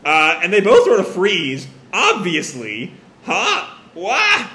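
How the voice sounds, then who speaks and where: Animated, exasperated man reacting to manga. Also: sits high, unhurried. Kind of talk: live reading reaction, casual. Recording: echoey room, faint hiss.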